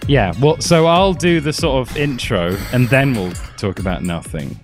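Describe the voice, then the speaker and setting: A man's voice: mid-range voice, expressive, moderate pace, music in the background. A man with a Northern English accent hosting a casual podcast, joking around with his co-hosts. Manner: joking, playful banter. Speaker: podcast host. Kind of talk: casual group chat on a call.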